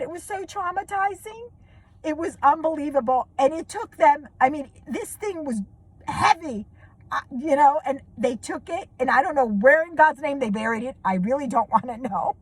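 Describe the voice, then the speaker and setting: A middle-aged woman telling a family story to her viewers in a casual, animated way, often laughing and going high with excitement. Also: moderate pace.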